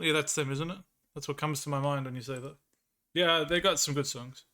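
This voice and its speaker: A man's voice: a little high, brisk, sharp tone. A young Australian man with a Victorian accent chatting casually with viewers on a live stream, laughing often and sounding bemused. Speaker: livestreamer.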